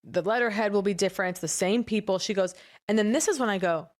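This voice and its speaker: Animated woman telling a story on a podcast. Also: fast talker. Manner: animated storyteller, acts out quoted voices with big pitch jumps. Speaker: podcast co-host. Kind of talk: casual comedic chat.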